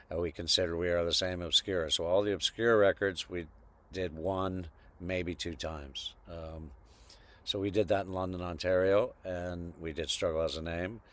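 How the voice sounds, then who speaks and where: Low-voiced man reminiscing, unhurried. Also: a bit bright. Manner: reflective, meandering storytelling. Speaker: guest musician. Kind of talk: casual interview conversation. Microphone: video call.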